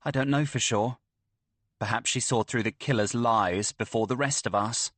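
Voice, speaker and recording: A man's voice: medium pitch, normal speed, a bit bright, no room sound, natural voice. A male narrator voicing a clever, cold young woman who sometimes snarls in anger, in an audiobook thriller. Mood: cool. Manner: controlled, then snarling in anger. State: slurred after a head blow.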